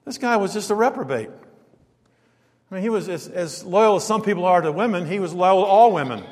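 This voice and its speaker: High-voiced preacher in a reverberant hall. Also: male voice, lively intonation, fairly quick, darkish tone. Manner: emphatic, rhetorical questions, quotes scripture, chuckles. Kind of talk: sermon.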